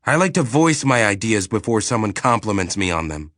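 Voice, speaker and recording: A man's voice: lowish voice, very animated, fairly bright tone, no echo, studio quality, voice pushed up. A man doing an exasperated, sardonic starship captain. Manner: sardonic, quick-tempered, exasperated.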